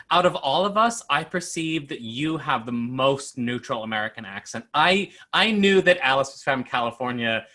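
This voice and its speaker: A man's voice: medium pitch, animated, moderate pace, bright, forceful tone. A man hosting a casual panel talk over a video call, chatty and full of restarts. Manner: chatty, with many restarts and hesitations. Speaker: host of an online panel talk. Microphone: computer mic on a video call.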